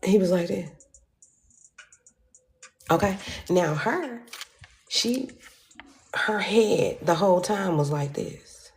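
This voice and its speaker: A woman telling a story in an animated, profane way, acting out quotes with sudden jumps in pitch. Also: takes it slowly, pauses often. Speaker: storyteller vlogger.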